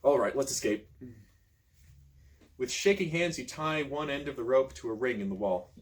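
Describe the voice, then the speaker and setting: A man reading a choose-your-own-adventure book aloud in an expressive storytelling manner, adding casual asides. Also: medium pitch, normal speed. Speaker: reader, channel host.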